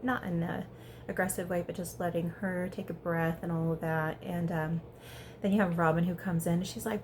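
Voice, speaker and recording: A woman giving a casual, chatty recap of a reality show episode, talking fast and peppering her speech with "like". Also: on the low side, a little hiss or hum. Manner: chatty, animated, heavy use of "like". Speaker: reality TV reviewer.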